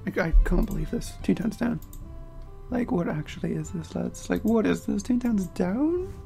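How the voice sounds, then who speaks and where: A man giving casual game commentary while playing, excitable and prone to loud outbursts, his throat getting strained. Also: high voice, moderate pace, gravelly, faint music behind. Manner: excitable, bursts into loud yelling. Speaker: let's play gamer.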